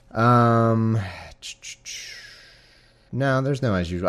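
A young man hosts a casual podcast from his living room. He rambles with many restarts and self-deprecating asides, in an easygoing, average-pitched voice. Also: measured pace, long pauses, smooth. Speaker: podcast host. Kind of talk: casual chat and scripture reading. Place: home living room with a cat.

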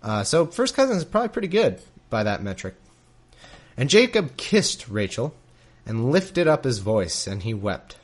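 A man's voice: mid-range voice, sing-song, normal speed, slightly rough. A man reading scripture aloud and breaking off for wry, joking asides. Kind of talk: Bible reading with comedic commentary.

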